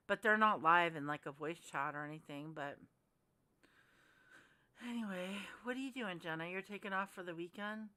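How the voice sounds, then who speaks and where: Chatty woman livestreaming, bright voice. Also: on the low side, lively intonation, normal speed, clean tone, no echo. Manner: chatty, talks to viewers by name, rambling. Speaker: livestream host. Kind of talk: casual livestream chat reading comments.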